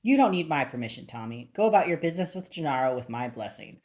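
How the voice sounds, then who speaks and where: A woman's voice: sits low, sing-song, fast talker, darkish tone. A woman voicing a thuggish male crime boss with a foreign accent who speaks in a mocking, cold way, in an audiobook.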